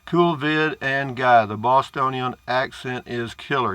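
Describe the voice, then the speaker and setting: A man's voice: medium pitch, unhurried, a bit bright, smooth, no echo. An older man, chatting casually to camera as he reads out viewer comments in a folksy, rambling way. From Central Texas. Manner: folksy, rambling, chuckles at his own jokes. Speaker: vlogger reading viewer comments.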